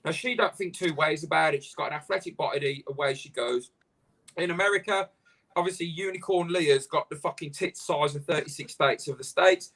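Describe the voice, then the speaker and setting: A man with a fairly high voice, ranting in loose, animated chat on a live stream. He swears freely. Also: a little fast. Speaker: host.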